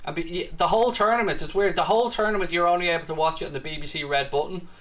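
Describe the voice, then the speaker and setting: A man's voice: a little high, rapid-fire, a bit bright. A man with a British accent hosting a live football watchalong, mixing play-by-play commentary with cheeky banter aimed at viewers in the chat. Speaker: watchalong host.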